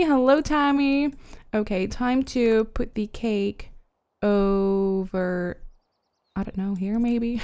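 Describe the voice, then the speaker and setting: A woman's voice: high voice, smooth. A woman giving chatty, giggly commentary as she plays a life-simulation game and talks to her characters. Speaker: gaming YouTuber. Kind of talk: casual let's-play commentary.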